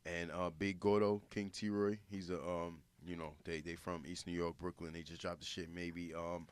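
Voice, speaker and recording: A man with a very low voice talks casually on a podcast, swearing freely and piling up "like" and "um" as he hypes things up. The sound is dry and close, with no room around it. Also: level tone, moderate pace, clear, resonant tone, dry recording. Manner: loose, profane, enthusiastic, full of fillers. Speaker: podcast co-host.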